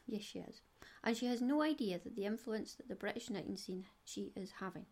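A woman's voice: mid-range voice, a little fast, a little mellow. A middle-aged Scottish woman hosting a knitting podcast, chatty and digressive with giggles. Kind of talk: casual solo podcast chat.

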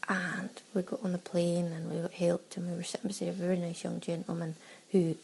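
A Scottish woman keeps a travel audio diary, chatting casually, laughing often and acting out little exchanges with quoted exclamations. Her voice is lowish, level, fairly quick, creaky, mellow and husky, and the recording quality is low.

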